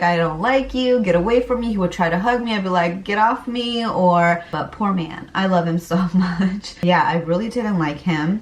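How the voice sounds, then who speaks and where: A young woman vlogging candidly and chattily about her pregnancy, laughing now and then as she recalls things. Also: on the low side. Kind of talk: casual pregnancy vlog talk. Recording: roomy, a bit far from the mic.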